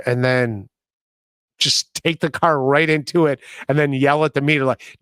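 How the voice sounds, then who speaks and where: A man's voice: mid-range voice, normal speed, fairly bright tone, no echo, clean studio sound. A man hosting a podcast, talking casually in a rambling way, with many fillers and restarts. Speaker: podcast host. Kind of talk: casual chat.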